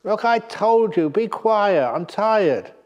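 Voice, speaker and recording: A man's voice: medium pitch, expressive, a little fast, darkish tone, muffled recording, natural voice. A man playing a tired, irritable father who snaps at his son after work. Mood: irritated. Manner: snappy, exasperated.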